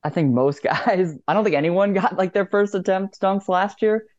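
Mellow-voiced man, dull lo-fi sound. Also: high voice, moderate pace, dry recording. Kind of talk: casual sports chat.

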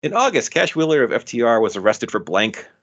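A man running a quiz show whose voice rises and falls as he reads out each question. He keeps a quick, amused pace as he marks the answers correct. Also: medium pitch, sing-song, fairly bright tone, slightly rough, highs cut off. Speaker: quiz host. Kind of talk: reading trivia questions, podcast.

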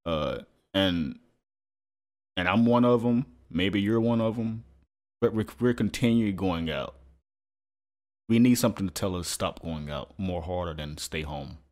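A man's voice: low voice, measured pace, darkish tone. A man in a casual chat with a friend, laid-back and laughing often, sometimes repeating his words.

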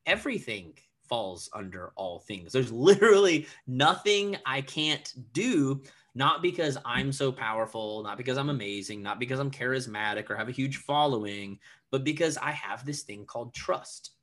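Bright-voiced animated man. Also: mid-range voice, normal speed, hardly any pauses. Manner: animated, lots of filler words, acts out quotes. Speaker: podcast guest. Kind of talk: casual podcast talk.

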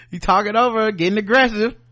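A man co-hosting a podcast in casual chat. He speaks bluntly, swears freely and gets animated. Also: high-pitched. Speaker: podcast co-host.

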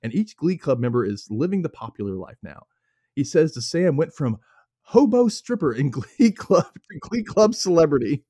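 Recorded dry with clean studio sound, a young man from Mississippi speaks at a moderate pace in a voice on the high side. As podcast host, he recaps a show in casual chat, animated and laughing often while performing the characters.

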